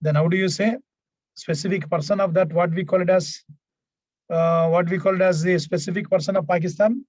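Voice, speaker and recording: A man teaching a grammar class online, repeating himself often and filling pauses with "right, right". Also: sits high, steady tone, darkish tone, no echo, dull audio. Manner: repetitive, fills pauses with "what we call it as" and "right, right". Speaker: English teacher.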